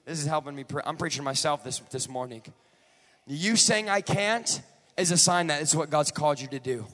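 A man preaching a sermon in a church, moving from joking asides to shouted, rhythmic calls to the congregation. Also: fairly high pitch, brisk, in a large hall. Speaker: guest preacher. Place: large church.

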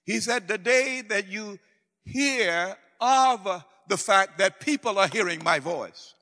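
A man delivers a sermon in a high voice, pressing his points through repetition. He swings between loud declarations and hushed pleading. A long reverb trails behind his words. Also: expressive, slow. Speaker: preacher.

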